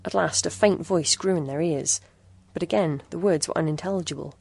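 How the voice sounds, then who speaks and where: A woman reads a story aloud in a steady, measured way. Her voice is low, with a gravelly rasp. The sound is dry and close to the mic. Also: dry recording. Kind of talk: storybook narration.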